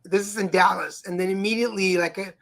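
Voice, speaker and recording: A middle-aged man co-hosting a casual talk stream, chatty and halting with fillers and restarts. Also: high voice, steady tone, vocal fry, fairly bright tone. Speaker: co-host. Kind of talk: casual chat. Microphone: home streaming setup.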